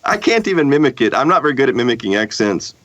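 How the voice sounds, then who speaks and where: A man from Texas, talking as a guest on a podcast roundtable in a halting, hesitant way, full of fillers. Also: mid-range voice, sing-song, a bit bright, dull audio. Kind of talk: casual roundtable chat.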